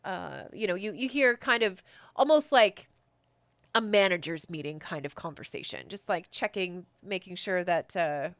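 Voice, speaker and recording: A woman's voice: fairly low pitch, moderate pace, a bit bright, no room sound. A woman narrating as game master in a casual, chatty way, with lots of fillers, on a close mic.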